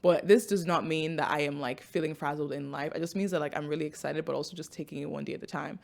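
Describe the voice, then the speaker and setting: A woman in her twenties, from Nigeria, hosting a podcast in a loud, excitable, chatty way with frequent laughter. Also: sits low, quick pace, vocal fry, few pauses. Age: 20s. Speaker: podcast host. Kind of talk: casual podcast chat.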